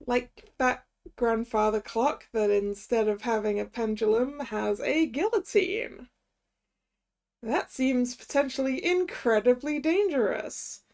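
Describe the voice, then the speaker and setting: A woman's voice: on the high side, slow pace, gravelly, a little mellow. A woman streamer reading and commenting through a video game playthrough, musing aloud and correcting herself as she goes. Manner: musing, self-correcting, chatty. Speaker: let's play streamer.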